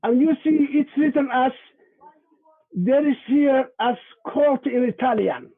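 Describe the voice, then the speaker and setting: Man, very high voice, deliberate lecture, tinny video-call sound. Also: creaky, husky. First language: Somali. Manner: deliberate, spells out letters and sounds. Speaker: Somali language and culture presenter.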